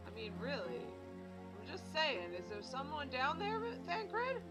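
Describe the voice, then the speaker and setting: A woman's voice: sits high, huge pitch swings, a little slow, loud music behind the voice. A young woman streaming a game, giving casual commentary with playful, self-mocking asides.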